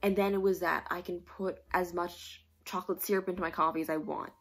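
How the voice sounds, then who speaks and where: A woman's voice: lowish voice, steady tone, brisk, slightly rough, faint music behind. A young woman from New York rambling casually in a vlog, full of likes and self-aware asides. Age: young adult. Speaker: vlogger.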